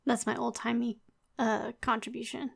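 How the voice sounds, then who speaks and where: Young woman co-host, slightly high, casual and chatty, filler-heavy. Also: level tone, normal speed, vocal fry. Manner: chatty, lots of "like" fillers, laid-back. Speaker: podcast co-host. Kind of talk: casual chat, reading forum posts aloud.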